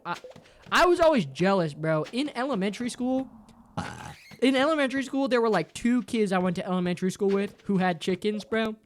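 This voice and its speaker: A streamer chatting casually with viewers in a playful, jokey way, swearing a lot and ending sentences with "bro". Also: slight background noise. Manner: playful and jokey, with big jumps up and down in pitch. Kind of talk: casual livestream chat with viewers.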